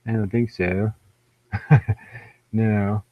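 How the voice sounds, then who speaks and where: A man's voice: fairly low pitch, fairly even intonation, very slow, no room sound. A man with an American accent hosting a live stream alone, rambling in a wry, profane, self-mocking way. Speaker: livestream host. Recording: dull lo-fi livestream audio.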